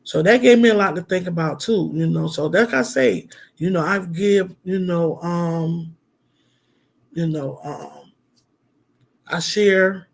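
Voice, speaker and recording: High gravelly husky man. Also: takes it slowly. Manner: heartfelt, rambling, many fillers. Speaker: minister and livestream host. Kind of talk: casual livestream talk.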